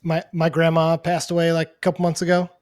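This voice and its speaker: A man co-hosting a podcast, telling a story in relaxed casual chat with frequent chuckles. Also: fairly high pitch, a little fast. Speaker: podcast co-host.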